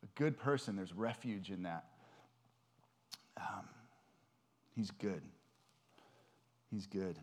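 A man's voice: low-pitched, animated, takes it slowly, pauses often. A man giving an informal, earnest sermon in a conversational way, with frequent ums and restarts. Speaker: preacher.

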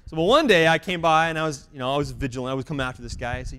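A man telling a faith testimony as an animated story with self-deprecating humor, swinging between loud exclamations and quiet asides. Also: medium pitch, racing, few pauses. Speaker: speaker sharing a mission testimony. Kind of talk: storytelling talk.

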